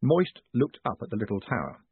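A male audiobook narrator with a very husky, breathy voice and a lively, swooping delivery. The recording is thin and phone-like, and dry with no room sound. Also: mid-range voice, a little fast, dry recording. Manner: lively, expressive storytelling. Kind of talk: scripted narration.

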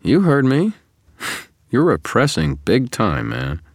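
A man voicing a calm, knowing male double of the hero, probing and wry, in an audiobook. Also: mid-range voice, slow pace, no room sound, studio quality, pitched above the performer's own voice, exaggerated voice. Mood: coaxing. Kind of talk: audiobook character reading.

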